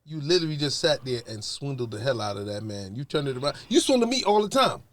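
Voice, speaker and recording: A man's voice: medium pitch, big pitch swings, quick pace. A man, co-hosting a podcast and arguing back playfully in casual banter. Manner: argumentative, playful. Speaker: podcast co-host.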